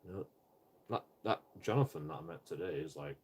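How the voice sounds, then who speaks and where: A man's voice: low voice, lively intonation, a little fast, husky. A man ranting casually on a live stream, rambling and profane, with lots of stumbling restarts.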